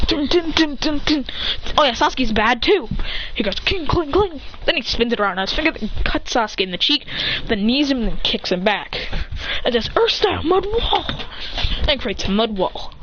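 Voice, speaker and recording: A woman telling an improvised fan story in a rambling, excitable way, full of restarts and mouth sound effects. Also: a little high. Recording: dull lo-fi with faint hiss.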